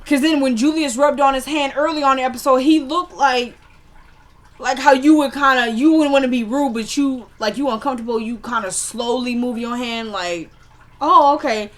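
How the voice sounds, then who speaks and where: A woman's voice: sits high, fairly even intonation, normal speed. A woman chatting casually as she recaps a TV episode, retelling scenes line by line with lots of "like" and "he goes.".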